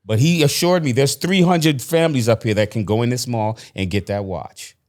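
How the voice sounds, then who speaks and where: A man who grew up in Jamaica and the Bronx, guest on a casual interview, telling stories in an animated way and acting out what people said. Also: mid-range voice, moderate pace. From grew up in Jamaica and the Bronx, New York. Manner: animated storyteller who acts out quotes.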